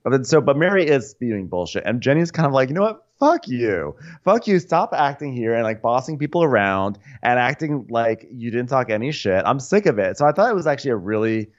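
A man's voice: mid-range voice, expressive, fairly quick, few pauses. A man co-hosting a podcast, recapping with wry asides and laughter. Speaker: podcast co-host. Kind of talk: casual recap chat. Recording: dull, muffled sound.

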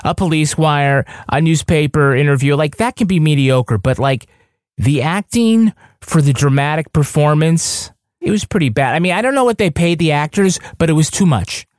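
Male co-host, slightly high voice, dry mic, sarcastic deadpan chat. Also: normal speed, dry recording. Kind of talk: casual chat.

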